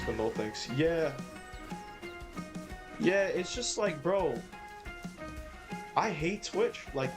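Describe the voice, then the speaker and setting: A man live-streaming a game, ranting and swearing as he talks to his chat. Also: mid-range voice. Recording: game music behind.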